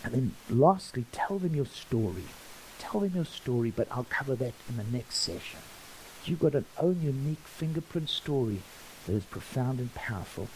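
A man preaches a storytelling sermon, voicing the people in his anecdotes as he goes. His voice sits at a middle pitch for a man. A faint hiss runs under the recording. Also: normal speed, rough recording. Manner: animated, acts out dialogue in his stories. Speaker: pastor.

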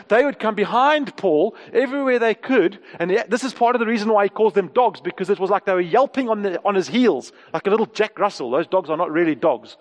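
A man preaching a sermon as pastor, emphatic and repeating words, rising in pitch for stress. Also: in a large hall.

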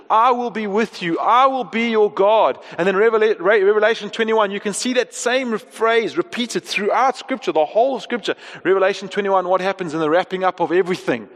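A man in his thirties preaches with a high, earnest voice. He drops to slow, quiet passages, then lifts into raised, emphatic lines. His voice rings out with a long echo in a church hall. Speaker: pastor. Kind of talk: sermon.

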